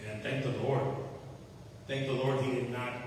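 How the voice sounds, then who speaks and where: At a faith-based church recovery meeting, a man gives an earnest personal testimony, repeating key phrases and acting out conversations he remembers. His mid-range voice is level at a normal speed. The echoey hall, distant mic, and faint hiss color the recording.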